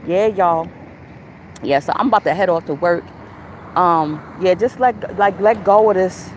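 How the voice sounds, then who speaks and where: A woman's voice: lowish voice, a little slow, a little hiss or hum. Laid-back woman vlogging from her car. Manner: laid-back, laughing, slangy and profane. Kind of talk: casual chat.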